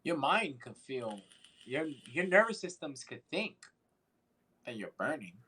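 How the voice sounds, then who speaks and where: Animated, swearing male storyteller. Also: medium pitch, measured pace, husky, poor audio. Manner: animated, swearing, acts out voices in his stories. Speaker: podcast co-host. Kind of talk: casual storytelling chat.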